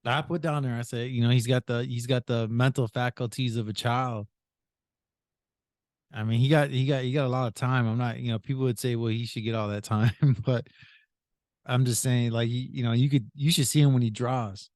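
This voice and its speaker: A man's voice: mid-range voice, fairly even intonation, normal speed, a little mellow, no room sound, clean studio sound. Man telling a rambling, laughing story. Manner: retells with many "I said", laughs often. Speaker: podcast host. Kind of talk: casual storytelling.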